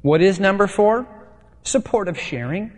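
A man preaching from the pulpit with a notably high voice. His sermon is chatty and playful, slipping into little acted exchanges. The sound rings out with a long hall reverb. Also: lively intonation, measured pace. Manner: conversational, playful, acts out dialogue. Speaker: pastor.

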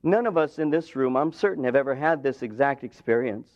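A man's voice: medium pitch, lively intonation, fairly quick, darkish tone. A man preaching a sermon in a church, retelling scripture with dramatic rises and drops in intensity. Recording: dull lo-fi sound.

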